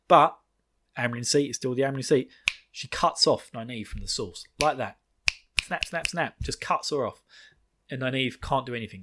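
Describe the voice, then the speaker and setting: A man's voice: mid-range voice, fairly bright tone. Rambling, laughing man recapping a book. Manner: rambling, laughing, swearing, quick acted quotes. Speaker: podcast host. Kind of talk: casual chat recapping a book.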